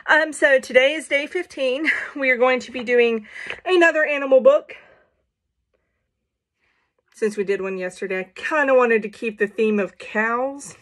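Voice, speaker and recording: A woman's voice: high voice, normal speed, fairly bright tone. A woman casually reading a children's picture book aloud, playful, with jokey asides and animal noises.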